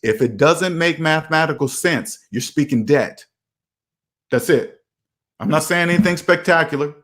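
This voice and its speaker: Male finance host, slightly higher voice, emphatic and casual, acts out quotes. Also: normal speed, fairly bright tone. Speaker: personal finance channel host. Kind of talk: casual advice monologue.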